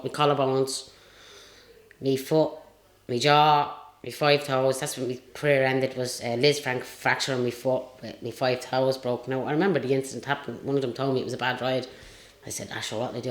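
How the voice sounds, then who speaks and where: An Irish woman and retired jockey telling stories in a casual interview, rambling and chatty with lots of fillers. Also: a bass voice. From Ireland. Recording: roomy echo.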